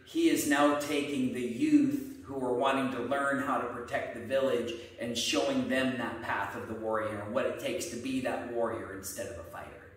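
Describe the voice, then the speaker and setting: A man, a martial arts instructor, explaining ideas in a steady, earnest way. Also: medium pitch, moderate pace, hardly any pauses. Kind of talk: casual explanatory chat. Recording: echoey room, mic at a distance.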